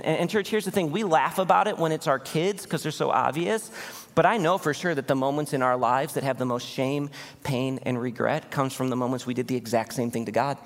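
A male pastor giving a sermon in a church, animated and conversational, often asking the congregation questions. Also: mid-range voice, moderate pace. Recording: long hall reverb.

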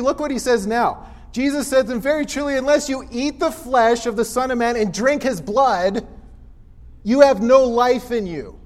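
A man preaching a casual, animated sermon, laughing often and mimicking voices as he reads. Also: very high voice, normal speed, long reverb tail.

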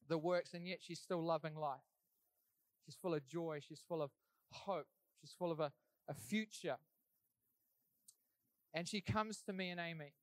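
A man's voice: a little high, clear, resonant tone, dry recording. Earnest young man sharing a church testimony. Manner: earnest, conversational storytelling. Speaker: church speaker giving testimony. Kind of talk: sermon testimony.

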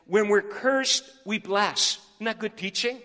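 Bright-voiced male pastor preaching in a hall. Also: sits high, unhurried. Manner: animated storytelling, scripture reading, rhetorical questions to the congregation. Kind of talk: sermon. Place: church sanctuary.

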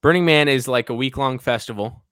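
A man's voice: mid-range voice, a little fast, fairly bright tone, clear, resonant tone, no echo. Dry-toned man teasing his co-host. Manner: dry teasing, wry asides. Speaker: podcast co-host. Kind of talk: casual chat.

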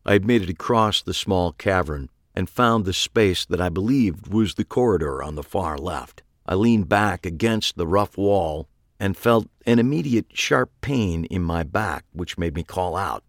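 Man, wry first-person narrator, low gravelly voice, lively pitch, dry close sound. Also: a little slow, dry recording.

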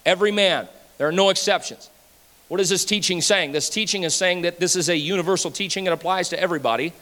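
A pastor preaching a sermon, animated and playful, swinging between loud passages and hushed asides. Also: male voice, high voice, fast talker. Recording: hall reverb.

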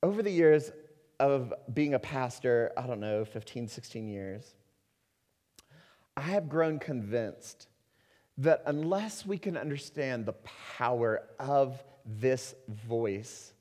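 A man preaching a sermon as a pastor, earnest, rising to loud emphasis and dropping to slow, quiet stretches. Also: medium pitch, expressive. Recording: long hall reverb.

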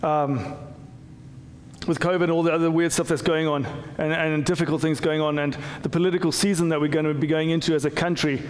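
A man's voice: fairly high pitch, fairly even intonation, a little fast, in a large hall. A man preaching a conversational sermon as pastor, with frequent restarts and repeated words. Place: church.

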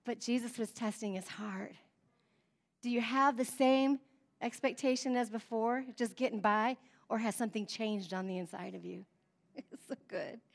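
A woman preaching a sermon, with call-and-response amens, who swings between soft, chatty asides and fervent cries. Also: on the high side, normal speed, gravelly. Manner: rises to fervent cries, then drops soft and conversational; repeated call-and-response "amen?".

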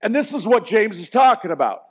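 A middle-aged man preaching a sermon, swinging from quiet, self-mocking asides to loud, emphatic points, with frequent restarts. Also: high-pitched, sing-song, brisk, slightly rough. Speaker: pastor.

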